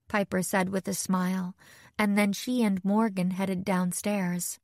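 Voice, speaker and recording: A woman reading a first-person audiobook in a measured, clear storytelling manner. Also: mid-range voice, level tone, a little mellow, no room sound, studio quality. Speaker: audiobook narrator.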